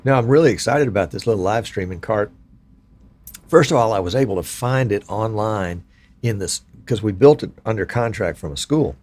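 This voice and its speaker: Man, 60s, from Virginia, lowish voice, folksy chatty host of a casual live stream. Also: animated, normal speed, a little mellow. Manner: folksy, chatty, self-deprecating.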